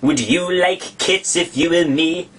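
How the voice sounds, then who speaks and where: A man voicing a touchy little mouse in a shrill, passionate, slow, trembling way for a storybook reading. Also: fairly bright tone, breathy edge. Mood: indignant. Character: touchy, indignant small mouse.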